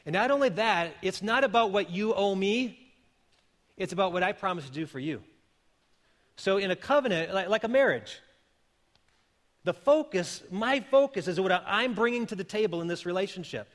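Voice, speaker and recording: A man's voice: sits high, lively intonation, moderate pace, a bit bright. A man in his fifties preaching a sermon as a pastor, talking in an earnest, conversational way with frequent restarts. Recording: long hall reverb.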